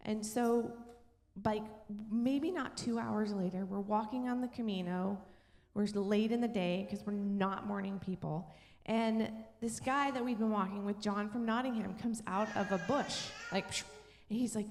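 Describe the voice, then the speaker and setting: A woman's voice: medium pitch, unhurried, a little mellow. A middle-aged woman pastor telling a story in a sermon, acting out the voices of the people in it. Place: church sanctuary. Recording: long church hall reverb.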